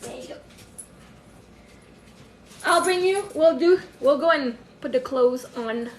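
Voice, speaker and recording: A woman life coach on a livestream from home, thinking aloud with sudden excited outbursts and cooing at her puppy. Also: sits high, slow pace, roomy sound, recorded from a distance. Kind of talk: livestream self-reflection. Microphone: phone.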